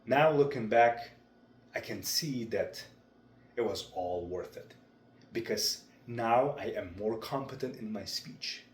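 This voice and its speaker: A young man talking through his speaking practice in a vlog, with a deliberate, measured delivery. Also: on the low side. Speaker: vlogger. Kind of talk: reflective speech-practice vlog. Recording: roomy echo.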